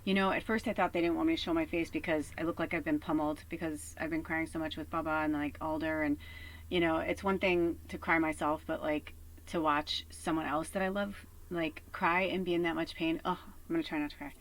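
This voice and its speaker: A woman with a lowish voice gives a casual spiritual reading from her tiny home RV. She talks in a chatty, earnest way, swears casually, and sometimes sinks to a hush. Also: steady tone, a little fast, low-quality recording. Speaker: spiritual reader. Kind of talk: casual collective tarot reading.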